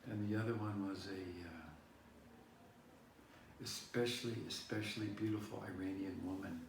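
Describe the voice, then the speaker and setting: A man rambles through a personal story, circling back and restarting his sentences as he goes. He sits far from the mic in a very echoey room, and a faint hiss runs underneath. His voice sits at an ordinary middle pitch. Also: steady tone, normal speed. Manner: meandering, many fillers and restarts. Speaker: vlog host.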